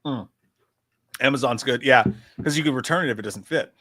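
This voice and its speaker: A man's voice: mid-range voice, fairly quick, sharp tone, no echo. A man joking and teasing his co-host as a podcast host in casual chat.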